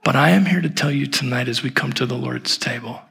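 A man in his thirties preaching a sermon at an evening church service, telling a story with humor and warmth. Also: medium pitch, fairly quick, vocal fry, breathy edge. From Portland, Oregon. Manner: animated storytelling with self-deprecating humor. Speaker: pastor.

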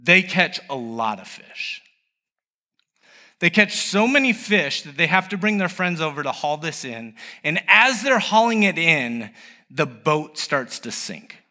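A man preaching a sermon. His voice sits a little high and rings bright, rising and falling through a very wide range as he speaks in a conversational way and asks rhetorical questions. It carries the long reverb of a large hall. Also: sing-song, measured pace. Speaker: pastor.

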